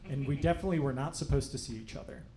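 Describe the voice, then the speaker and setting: Wry stand-up comedian in a roomy club. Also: male voice, mid-range voice, very fast. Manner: deadpan, wry storytelling with quoted voices. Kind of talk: stand-up storytelling. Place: comedy club stage before a laughing audience. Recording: roomy live club sound, faint crowd noise.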